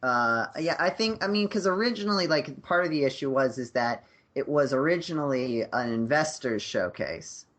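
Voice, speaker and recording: A man in an easygoing podcast chat, talking over a video call. He circles his points, piling on fillers and starting sentences over. His voice sits at a plain middle pitch. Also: animated, moderate pace, hardly any pauses, fairly bright tone. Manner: rambling, many fillers and restarts. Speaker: podcast host. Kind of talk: casual chat.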